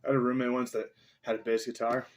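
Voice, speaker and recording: A man's voice: medium pitch, level tone, fast talker, soft background music. A young man chatting casually, teasing his dog playfully and telling loose, profane stories with laughs. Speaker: vlogger and musician. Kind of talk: casual chat and storytelling.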